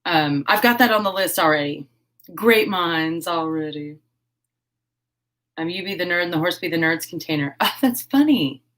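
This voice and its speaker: A woman hosting a casual live stream while crafting. She chats, giggles and thinks out loud. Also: fairly low pitch, expressive, normal speed. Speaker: host of a horse-themed channel.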